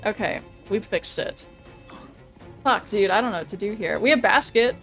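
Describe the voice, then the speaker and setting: A young woman streaming a video game, thinking out loud about tactics, laughing often and swearing casually. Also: mid-range voice, animated, moderate pace, soft background music. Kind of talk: casual gameplay commentary.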